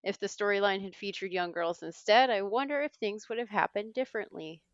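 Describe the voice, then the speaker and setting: A woman hosting a trivia podcast, reading clues in a brisk, wry way. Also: medium pitch, dry recording, muffled recording. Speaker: quiz host.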